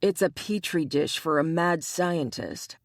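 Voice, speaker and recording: A woman's voice: deep voice, animated, a little slow, no echo, studio quality. A woman voicing a big, protective male bear shifter in an audiobook, grumbling and dramatic.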